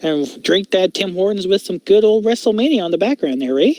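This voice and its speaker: A man's voice: high-pitched, lively intonation, brisk, dark tone, dry recording, voice pushed up. A man putting on a stereotypical Canadian guy with a mock Canadian accent and a folksy drawl. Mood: grumbly.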